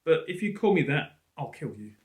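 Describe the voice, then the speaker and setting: A man voicing a fierce, blunt young girl who survived a plane crash, speaking in a sharp, defensive way. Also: a little high, big pitch swings, normal speed, voice pushed up. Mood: prickly. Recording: roomy echo.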